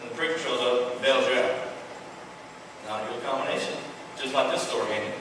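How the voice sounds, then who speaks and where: A man, preaching a sermon in a folksy, animated way, with playful asides. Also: medium pitch, brisk, noisy background. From Texas. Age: 30s. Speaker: pastor. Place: church hall. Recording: echoey church hall, far from the mic.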